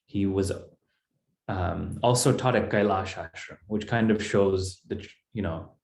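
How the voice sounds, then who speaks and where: Slow, patient man teaching a class. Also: sits low, vocal fry, a little mellow, roomy sound. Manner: patient, step-by-step explaining. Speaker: Sanskrit teacher. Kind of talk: online class lecture.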